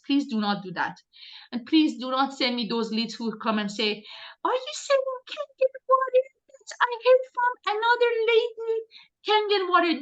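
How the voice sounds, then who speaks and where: A woman's voice: fairly high pitch, sharp tone, highs cut off. A woman team leader coaching her recruiters on a group video call, talking directly and insistently with many restarts.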